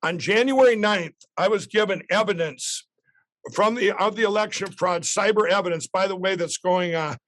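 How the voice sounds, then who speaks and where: A man's voice: high-pitched, moderate pace, a bit bright. A middle-aged man telling a long story as a podcast guest, rambling with restarts and acting out quotes. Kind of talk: animated storytelling.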